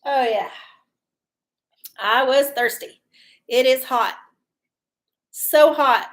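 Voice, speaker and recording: A woman with a drawl talks casually to her live-stream audience, rambling from one story to the next. Her voice sits high, and her chat is folksy, loose and sprinkled with swearing and laughter. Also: extremely slow, long pauses, fairly bright tone. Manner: chatty, folksy, swears freely and laughs often. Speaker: livestream host doing oracle readings.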